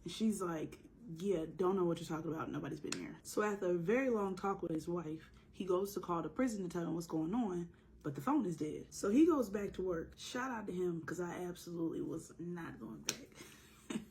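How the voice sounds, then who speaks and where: Chatty woman telling a storytime, slightly hoarse. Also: fairly low pitch, animated, moderate pace, darkish tone, slight background noise, poor audio. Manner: chatty, joking asides, slangy, acts out the people in the story. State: sore throat, slightly hoarse. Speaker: storytime narrator. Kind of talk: casual storytime narration.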